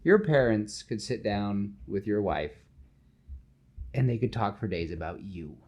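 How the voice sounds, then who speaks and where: A man hosting a podcast, casually pitching a film scene with animated storytelling and lots of fillers. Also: a little slow, highs cut off. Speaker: podcast host.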